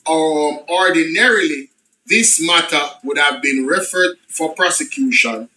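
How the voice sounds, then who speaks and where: High, sharp-voiced Jamaican man. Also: measured pace, a little hiss or hum, poor audio. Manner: switches between formal reading and patois asides; exclaims and repeats phrases for emphasis. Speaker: political commentator. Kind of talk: reading a report aloud with reactions.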